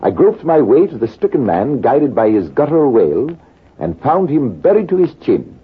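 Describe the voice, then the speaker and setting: A storytelling army major. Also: male voice, mid-range voice, very animated, slightly rough. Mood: calm. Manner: measured, deliberate storytelling. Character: British army major, storytelling veteran, composed. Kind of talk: 1940s radio acting. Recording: tinny, lo-fi old radio broadcast.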